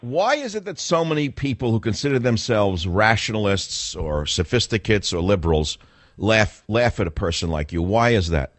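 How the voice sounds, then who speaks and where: A man's voice: lowish voice, lively intonation, moderate pace, no room sound. An older man hosting a radio talk show, talking in a combative, sarcastic, rambling way.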